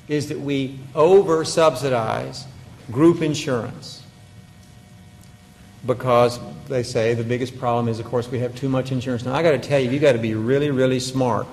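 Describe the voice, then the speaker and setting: A man's voice: mid-range voice, big-room sound. A man speaking as a conference panelist, giving a policy talk with emphatic points and wry, joking asides. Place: conference hall.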